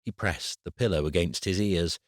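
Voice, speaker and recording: A man with a very deep voice narrates an audiobook. His storytelling is steady and even. The recording is close and dry, with no room sound. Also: moderate pace, dry recording. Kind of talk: scripted narration.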